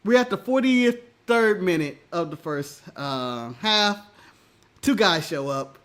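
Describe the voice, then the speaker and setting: Animated, high-voiced man telling a story. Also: slow. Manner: animated, laughing often, swears freely. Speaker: podcast co-host. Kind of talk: casual storytelling chat.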